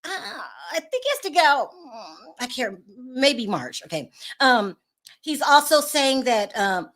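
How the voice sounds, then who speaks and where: Female channel host with a high voice, delivering sharp, disbelieving gossip commentary. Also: very animated, takes it slowly. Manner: sassy, exasperated, breaks into laughter.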